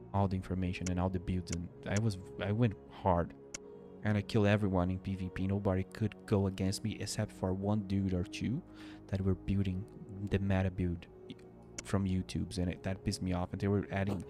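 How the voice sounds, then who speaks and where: A man from Brazil, sleepily rambling through casual gameplay stream commentary and cutting himself off mid-sentence. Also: low voice. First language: Portuguese. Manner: rambling, self-interrupting, chatty. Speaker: game streamer. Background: faint game music.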